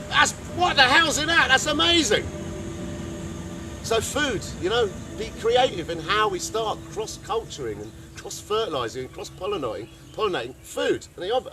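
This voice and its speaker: A man giving an informal talk to a group, animated and slangy, often calling people man and dude. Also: high voice. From England. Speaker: workshop speaker. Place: outdoor gathering in the countryside.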